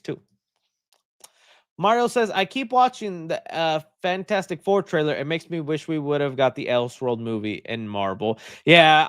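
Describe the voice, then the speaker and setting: A man hosting a live stream, reading out viewer comments and answering them in an animated, chatty way, thinking out loud. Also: a little high, dry recording, clean studio sound. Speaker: host.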